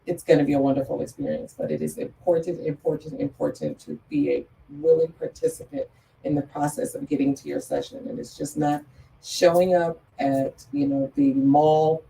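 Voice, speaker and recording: Earnest lady guest, lowish mellow voice, keeps repeating stuff for emphasis, kinda far from the mic. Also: animated, moderate pace, vocal fry, a little hiss or hum. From Metro Atlanta area. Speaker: guest, photographer and business owner. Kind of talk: interview talk.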